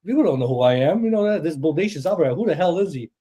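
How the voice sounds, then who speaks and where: Hyped, boastful podcast host. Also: male voice, fairly high pitch, quick pace, slightly rough. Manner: excitable, boastful, swears freely. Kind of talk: hyped casual chat.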